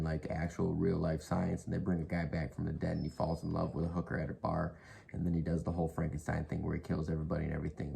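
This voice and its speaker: His voice sits low, gravelly and mellow, over a faint hiss or hum. Half-whispering with plenty of profanity, he meanders through horror movie picks, mouth near the mic, indoors at home.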